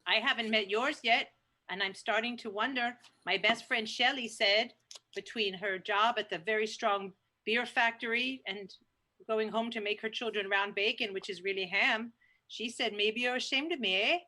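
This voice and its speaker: An improv performer plays a chatty, self-righteous Canadian woman, rambling indignantly in a put-on Canadian accent and ending lines with "eh." Her voice is on the high side, bright and forceful, at a moderate pace.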